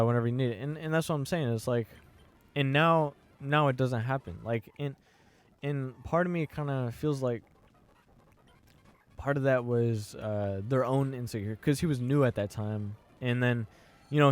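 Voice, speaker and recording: A young man chatting on his podcast in a loose, rambling way, circling back to his point with many fillers and restarts. His voice sits at an ordinary middle pitch for a man. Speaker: podcast host. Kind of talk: casual chat.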